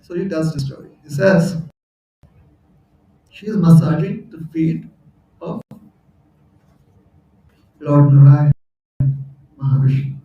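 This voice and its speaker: A man tells a sermon story in a chatty way, often laughing at his own jokes. His voice sits high and mellow, and he speaks slowly. He sounds distant in an echoing hall. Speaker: temple speaker. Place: temple hall. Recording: echoey hall, voice from far off.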